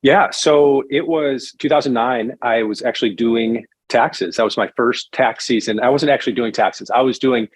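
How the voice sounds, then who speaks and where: A man, a financial advisor guest on a podcast, telling his career story in a relaxed conversational way. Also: medium pitch, moderate pace, few pauses, husky. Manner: animated storyteller, acts out quoted voices.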